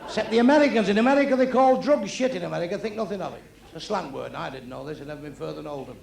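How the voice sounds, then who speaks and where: A man's voice: high voice, racing, vocal fry. A middle-aged man doing blunt, crude stand-up comedy on a club stage. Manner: blunt, crude, deadpan delivery. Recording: echoey club with crowd noise.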